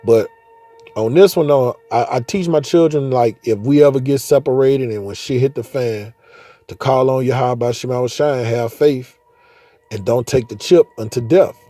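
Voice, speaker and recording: Mellow-voiced man telling a story. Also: mid-range voice, moderate pace, no echo, soft background music. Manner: rambling, profane, with frequent restarts. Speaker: father speaking on faith. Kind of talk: casual spoken monologue.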